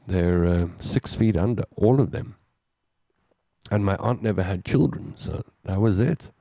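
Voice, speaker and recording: A man's voice: low voice, measured pace, creaky, mellow, no echo, studio quality. A man with a South African accent hosting a show, casually chatting and joking as he reads out viewer comments. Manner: chatty, jokey, reads comments aloud and riffs on them. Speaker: host.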